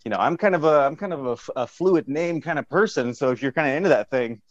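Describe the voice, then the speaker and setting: A man's voice: fairly high pitch, lively intonation, fast. A man improvising a rambling, goofy tech support agent in a comedy phone call.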